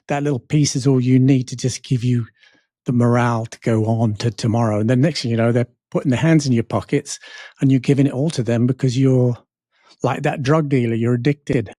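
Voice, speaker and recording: A middle-aged man with a London accent, talking in a relaxed, rambling way and poking fun at himself. His voice is mellow and dark, and the sound is dry and close. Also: medium pitch, fairly quick, no room sound. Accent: London English. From England. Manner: rambling, self-mocking storyteller. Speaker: co-host. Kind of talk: casual chat.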